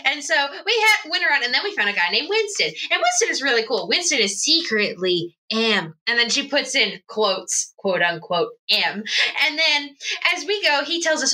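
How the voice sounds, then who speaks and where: A woman runs through a tabletop campaign recap in loose, rambling chat. She laughs often and piles on fillers. Her voice sits a little high and rings very bright. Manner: rambling and giggly, with many fillers and asides. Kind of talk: casual tabletop game recap.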